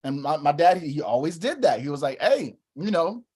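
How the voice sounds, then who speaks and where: Animated storytelling man, higher voice. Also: fast. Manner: animated storyteller, acts out quotes. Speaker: co-host. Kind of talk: casual religious discussion.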